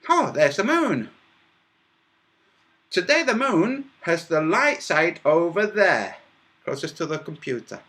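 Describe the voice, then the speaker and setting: A man with a bright, forceful voice explains his point slowly and deliberately. His pitch swings widely as he jumps between patient demonstration and mocking replies to viewers in his chat. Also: very animated. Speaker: livestream host.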